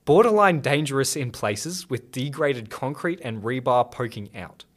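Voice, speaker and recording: A man's voice: medium pitch, animated, moderate pace. Laughing man, casual podcast co-host. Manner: laughs often, reads reviews aloud playfully. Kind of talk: casual chat, reading out reviews.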